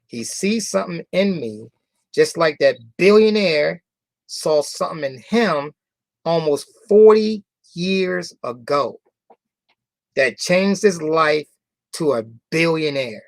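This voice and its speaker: A man's voice: fairly high pitch, expressive, gravelly, no echo. A man, a company founder, telling a motivational story to members, repeating phrases for emphasis and asking the audience rhetorical questions. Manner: repeats phrases for emphasis, drawn-out key words.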